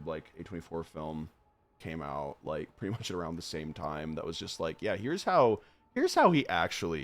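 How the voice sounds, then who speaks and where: Animated rambling male game streamer. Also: low-pitched. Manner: rambling, laughing, swearing, reads on-screen text aloud quickly. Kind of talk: live gameplay commentary.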